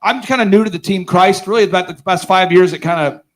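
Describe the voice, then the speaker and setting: Energetic sarcastic man telling stories on stage. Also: high-pitched, quick pace. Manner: energetic, sarcastic, acts out voices in his stories; keeps quizzing the audience. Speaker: business conference host. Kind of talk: live seminar storytelling to an audience.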